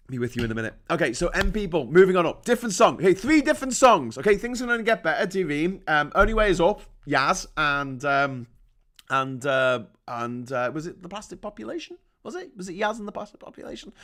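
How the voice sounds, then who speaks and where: A man's voice: fairly high pitch, a bit bright. A man from the North of England, ranting casually and sarcastically on a live stream, swearing a lot and rambling.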